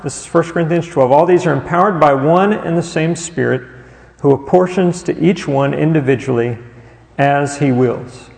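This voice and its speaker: Male pastor, sermon delivery, fairly high gravelly voice, long church-hall reverb. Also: a little mellow. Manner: rhetorical questions, pauses on listed words.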